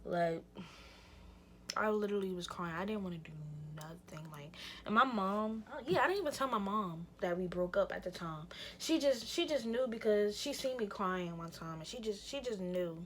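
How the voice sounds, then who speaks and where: A woman's voice: mid-range voice, expressive, moderate pace, a bit bright, slight background noise. A young woman vlogger telling a rambling, slangy story in a casual chat with lots of "like" and restarts. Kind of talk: casual storytime while getting ready.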